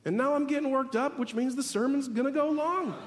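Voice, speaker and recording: A man preaching a sermon as the pastor, animated and building to emphatic peaks. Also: extremely high pitch, brisk, slight background noise. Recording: long reverb of a large hall.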